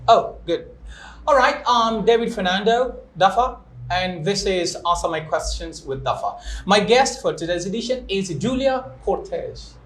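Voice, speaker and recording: A man's voice: high-pitched, expressive, a little slow, fairly bright tone. A young man hosting a live-streamed interview, chatty and playful, who stops to explain pronunciation with examples. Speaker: English teacher and show host. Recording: echoey room, faint noise.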